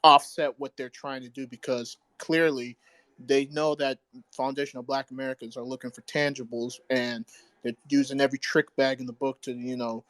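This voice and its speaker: Flat-voiced man from Ghana calling in. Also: medium pitch, normal speed, no room sound. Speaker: caller.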